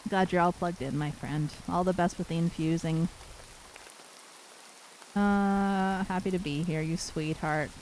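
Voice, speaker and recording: A woman from Canada streaming live and chatting warmly with her viewers, affectionate and giggly, a little worn from losing her voice. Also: fairly low pitch, steady tone, measured pace, long pauses, slight background noise, rough recording. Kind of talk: casual live-stream chat reading viewer messages.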